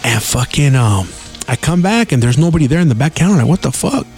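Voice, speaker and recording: A man's voice: mid-range voice, very animated, a little fast, a little mellow, faint music behind. A man hosting a podcast, telling stories in a casual solo style, swearing freely and dropping Spanish words into his talk. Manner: profane, slangy, drops Spanish words. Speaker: podcast host.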